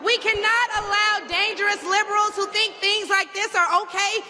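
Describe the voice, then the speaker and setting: A woman's voice: very high-pitched, fairly even intonation, moderate pace, bright, forceful tone. A woman giving a fiery rally speech full of rhetorical questions, recorded in a large arena. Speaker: rally speaker. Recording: echoey arena with faint crowd.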